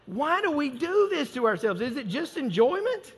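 A man preaching with a notably high voice, chatty and self-mocking as he acts out everyday scenes. His words ring out through a large church hall with a long, lingering reverb. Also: sing-song, normal speed, hardly any pauses. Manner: conversational, self-mocking preaching with acted asides. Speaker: pastor. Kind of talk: sermon.

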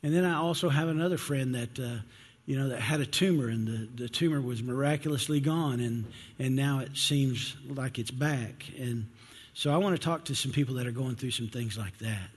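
A man's voice: medium pitch, moderate pace, hardly any pauses, breathy edge. Earnest, emotional man preaching in a reverberant church. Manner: earnest, emotional, many restarts and "just". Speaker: pastor. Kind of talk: sermon with opening prayer. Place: church sanctuary.

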